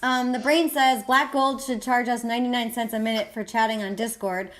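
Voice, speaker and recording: A woman's voice: on the high side, steady tone, a little fast, fairly bright tone, a little hiss or hum. A woman hosting a casual game livestream, chatting with friends, laughing often and reading the chat aloud. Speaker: livestream host and clan leader.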